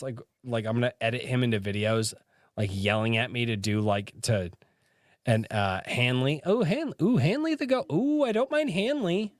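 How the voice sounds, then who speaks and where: A man's voice: fairly high pitch, fairly bright tone, dry recording, studio quality. A man hosting a casual livestream podcast, rambling and swearing as he chats with his audience. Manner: rambling, swears often, frequent restarts. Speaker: podcast host.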